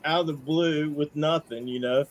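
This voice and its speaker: A man's voice: on the high side, steady tone, normal speed, slight background noise. A middle-aged man calling in to a podcast, telling stories in a chatty, folksy way and often tagging on "man.". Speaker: caller. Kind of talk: casual storytelling.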